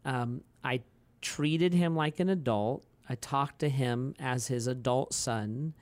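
A man in his forties with a smooth, resonant voice, chatting on a podcast like a pastor talking things through. He rambles through stories with lots of fillers and restarts and laughs easily. His voice sits at an ordinary pitch and sounds dry and close. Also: slow pace, dry recording. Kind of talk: casual podcast conversation.

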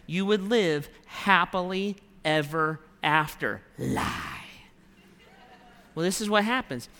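A man's voice: sits high, bright, forceful tone. A man preaching a sermon in a conversational way, acting out the prayers and thoughts of his listeners. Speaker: pastor. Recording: long hall reverb.

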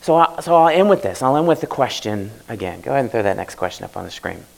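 A male pastor delivering a sermon in a loose, conversational style with a gravelly, creaky edge. He is mid-pitched and often slips into first-person prayers to make his point. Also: big pitch swings, quick pace, darkish tone, rough recording. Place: church service.

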